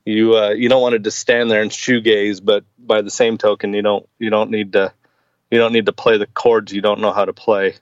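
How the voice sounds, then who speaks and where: A man's voice: lowish voice, level tone, a little fast, no room sound, highs cut off. A man in his forties, a podcast guest, chatting casually and hesitantly with many fillers and restarts. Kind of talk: casual chat.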